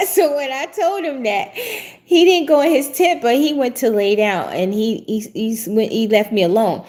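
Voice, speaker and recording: A middle-aged host, chatting casually in a somewhat high voice. She talks in a lively, rambling way and laughs often. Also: measured pace. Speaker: prophetic show host. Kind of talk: casual livestream chat.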